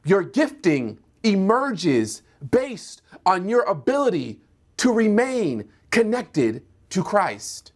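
A man preaching a sermon, voicing Moses and God in lively back-and-forth and building in pitch as he goes. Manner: acts out Moses and God in quick dialogue; rising to a higher, louder pitch as he builds.

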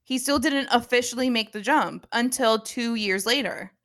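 A young woman co-hosting a podcast in casual chat, animated and quick to laugh. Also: a little high, dry recording, studio quality. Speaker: podcast co-host.

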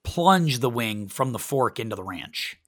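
Male podcast host, lively swooping pitch, teasing and mock-outraged. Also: unhurried. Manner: playfully exasperated, teasing. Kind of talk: casual chat.

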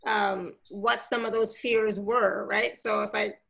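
A woman hosting a live call, reading out viewer comments in a casual, reassuring, chatty way, her throat catching and gravelly. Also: mid-range voice, fairly even intonation, takes it slowly, fairly bright tone. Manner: reassuring, chatty, with many fillers. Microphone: video call.

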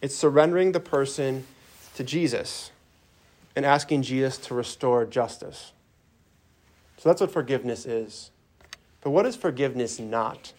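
A man with a mid-pitched voice leads a group through a guided prayer meditation in an earnest sermon style. He talks plainly, with small restarts, and drops to a soft voice for quoted words. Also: normal speed, long pauses. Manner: earnest, softens for quoted lines, some restarts.

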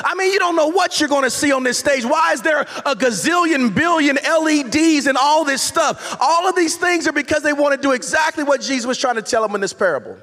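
Young-sounding preacher guy, really high bright voice, cracking jokes at the crowd, slangy and loose, big church hall echo. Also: a little fast, few pauses. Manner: loose and conversational, slangy asides, frequent restarts. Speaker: pastor. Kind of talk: casual, joking sermon. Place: large church auditorium. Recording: long hall reverb from the sanctuary.

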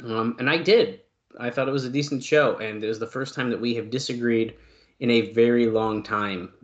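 A man's voice: medium pitch, fairly even intonation, normal speed, dull audio. A man co-hosting a casual wrestling podcast, rambling along with lots of fillers. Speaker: podcast co-host.

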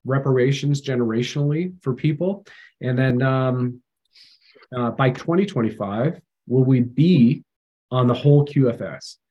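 A man's voice: mid-range voice, measured pace, mellow, husky, muffled recording. A man hosting a casual interview, talking in long rambling digressions. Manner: rambling, digressive history talk. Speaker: host.

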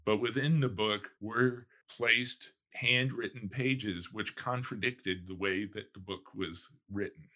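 A man chatting casually on a book podcast and retelling a spooky plot with animated storytelling. His voice is fairly low and bright with a forceful edge. He speaks slowly and takes his time. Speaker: podcast host discussing books. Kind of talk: casual book chat and reading aloud.

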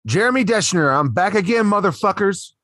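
A male podcast co-host talks in an upbeat, casual way, his voice a bit higher than most men's. The sound is dry, with little room echo. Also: animated, a bit bright. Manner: upbeat, quick, swearing casually. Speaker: podcast co-host, bar owner.

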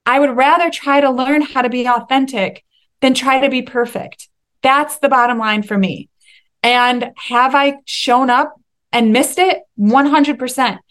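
A young woman hosting a solo faith-based podcast, talking in an excitable, emphatic way and at times laughing or tearing up. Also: high voice, measured pace. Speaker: podcast host.

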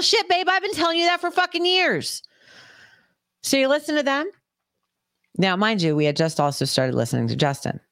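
A woman's voice: very deep voice, dry recording, clean studio sound. A woman podcast host telling a personal story in a casual, swearing, chatty way. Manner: profane, chatty, acts out quoted voices.

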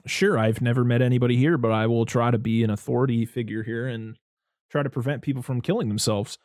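A man talks through a film in casual chat, restarting his thoughts and laughing as he goes. His voice sits at a middle pitch. The sound is dry and close. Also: fast talker, darkish tone, dry recording. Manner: rambling, self-interrupting, laughs often, acts out quotes. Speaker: podcast co-host.

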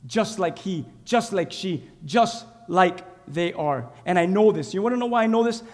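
A man preaching a sermon as pastor, building to shouts and calling for amens. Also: high-pitched. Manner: preaching with rising shouts and calls for amen. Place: church sanctuary. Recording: hall reverb.

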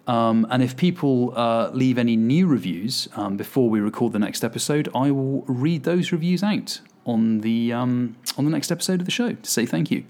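A man's voice: medium pitch, animated, moderate pace, hardly any pauses, a little mellow. A man hosting his podcast solo, chatting casually and poking fun at himself with plenty of fillers. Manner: chatty and self-deprecating, with fillers. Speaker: podcast host.

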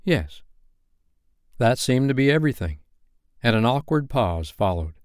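A man reading a bedtime story aloud as a storyteller, with an expressive, animated delivery. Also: mid-range voice, normal speed, smooth, no room sound, studio quality.

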